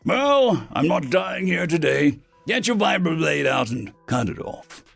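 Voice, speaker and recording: A tough, stubborn army major, as a narrator puts him on barks sarcastic orders in a raised voice. A gravelly rasp sits on his words. Faint music runs under the audiobook. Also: fairly high pitch, big pitch swings, unhurried, fairly bright tone, pitched above the performer's own voice, exaggerated voice. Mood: gruff. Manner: barking, sarcastic commands. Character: gruff stubborn male human army major.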